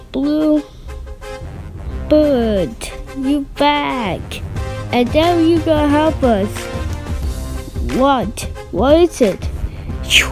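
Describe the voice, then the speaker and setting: A woman voicing a homemade cartoon, excitable and full of gasps and exclamations. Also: high-pitched, extremely slow, pauses often, over music.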